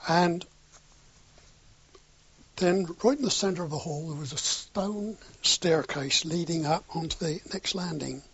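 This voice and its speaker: A man's voice: fairly high pitch, a little slow, a bit bright, slightly rough, no echo. An older man telling a wartime anecdote in an oral history interview, acting out the dialogue with a chuckle now and then. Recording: dull lo-fi recording.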